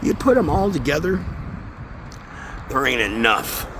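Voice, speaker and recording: Intense, swearing vlogger, high voice that swoops widely, recorded on a phone outdoors near traffic. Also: male voice, big pitch swings, measured pace. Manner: swearing, intense, swings between mumbling and loud outbursts. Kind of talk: rambling spiritual monologue. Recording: outdoor phone audio with street noise.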